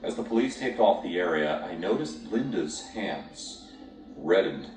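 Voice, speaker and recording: A man's voice: deep voice, animated, unhurried, a little mellow. A man narrating a scripted horror story, dramatic and lingering on grim details. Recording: echoey, distant, with music behind.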